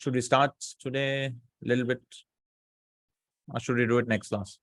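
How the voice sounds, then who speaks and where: A man teaching Arabic grammar in a casual class, explaining slowly and often checking with students. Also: mid-range voice, steady tone, a bit bright, no room sound.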